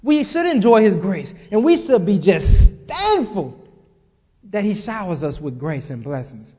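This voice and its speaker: A man's voice: sits high, sing-song, a little slow, a little mellow, in a large hall. A male pastor delivering an emphatic sermon, repeating phrases and asking the congregation rising questions.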